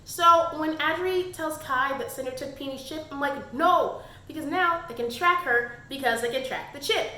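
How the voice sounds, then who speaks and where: A young woman chatting casually through a book review, animated and quick to act out characters in little asides. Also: high-pitched, reverberant.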